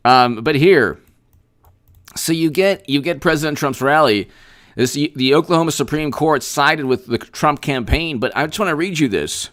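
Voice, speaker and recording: A man hosting a casual political commentary livestream, animated and repetitive, often restarting his sentences and speaking straight to viewers. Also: mid-range voice, measured pace, clear, resonant tone. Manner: animated, repetitive, mock-quoting opponents, frequent restarts.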